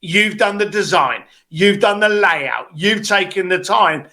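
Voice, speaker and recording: Brief: high, bright-voiced male coach, blunt and animated, video call. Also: unhurried. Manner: blunt, animated, acts out quotes. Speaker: business coach.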